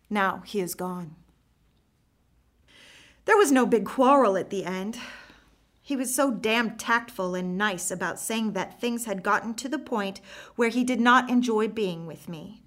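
A woman narrating a first-person story, her reading earnest and reflective. Her phrasing is expressive and follows the inner thoughts of the teller. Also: mid-range voice.

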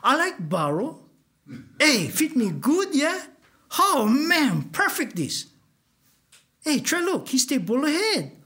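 A man voicing a pack of teasing teenage troublemakers in a high, mocking Hawaiian Pidgin voice. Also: wildly swooping pitch, slow pace, long pauses, pushed and bright, heavily acted.

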